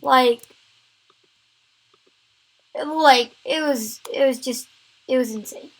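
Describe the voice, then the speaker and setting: Woman vlogger, high voice, unhurried delivery, rambling filler-heavy storytelling. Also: rough recording. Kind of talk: story time vlog.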